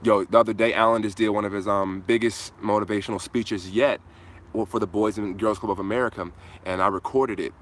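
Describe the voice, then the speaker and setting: A man's voice: fairly low pitch, fairly even intonation, fairly quick. A man hosting a casual live Q&A outdoors, talking in a laid-back, slangy way into a hand-held phone. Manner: laid-back slangy talk, answers viewer comments. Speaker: host.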